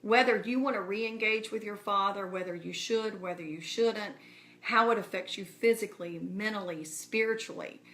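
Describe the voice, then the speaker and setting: A woman talks straight to her online audience in a casual, heartfelt way. Her voice is bright and forward at a mid pitch. She keeps encouraging her listeners as if they were in the room with her. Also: moderate pace. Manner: earnest, encouraging, speaks straight to viewers. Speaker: speaker addressing her community. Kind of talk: casual live-stream address.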